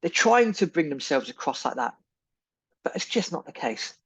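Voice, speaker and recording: A man's voice: fairly high pitch, sing-song, moderate pace, a bit bright, breathy edge, no echo, rough recording. A man hosting a podcast, delivering an indignant, emphatic opinion monologue full of repeated phrases. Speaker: podcast host.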